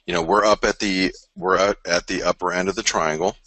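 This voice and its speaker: Very deep-voiced man hosting a trading webinar. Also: fairly even intonation, a little fast, sharp tone, no echo. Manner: chatty, many fillers and restarts, repeats key phrases. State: tired from an early start. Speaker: forex trading webinar host. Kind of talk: live market analysis, casual and rambling.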